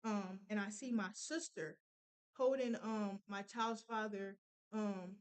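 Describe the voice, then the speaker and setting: A young woman telling a painful personal story, halting with many fillers and restarts. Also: mid-range voice, steady tone, smooth, poor audio. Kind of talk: casual storytelling.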